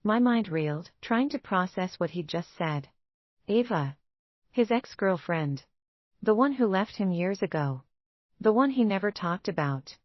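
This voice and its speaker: A woman narrating a dramatic first-person story in a steady, scripted storytelling manner. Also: lowish voice, no echo. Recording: dull, dry lo-fi recording.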